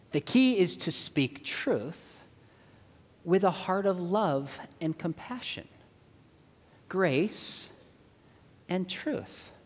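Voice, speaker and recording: A middle-aged man with a high-pitched, husky voice gives an apologetics seminar talk in a church auditorium. He tells stories animatedly, acting out the dialogue in the voices of the people involved, and the church hall adds a long reverb.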